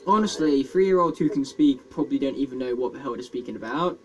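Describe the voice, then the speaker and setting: A man's voice: mid-range voice, quick pace, low-quality recording. A British man organizing a casual online group chat, teasing and bantering. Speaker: session organizer.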